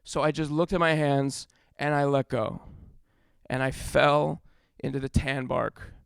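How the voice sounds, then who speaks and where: A man's voice: medium pitch, steady tone, unhurried, creaky, clean tone, no room sound, studio quality. A young adult man telling a rambling stand-up story on a comedy club stage, breaking off mid-sentence and laughing at his own jokes.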